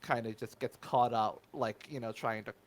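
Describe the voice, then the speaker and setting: A man's voice: mid-range voice, fairly even intonation, normal speed. Male game master, casual narration, lots of "uh" and "like" restarts. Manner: hesitant, many fillers and restarts.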